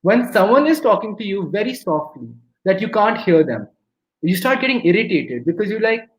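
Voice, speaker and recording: A man with an Indian English accent giving a lively talk on communication at a webinar, acting out everyday scenes as he goes. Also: high-pitched, fairly quick. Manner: lively storyteller, acts out quotes. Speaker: webinar speaker. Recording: roomy echo.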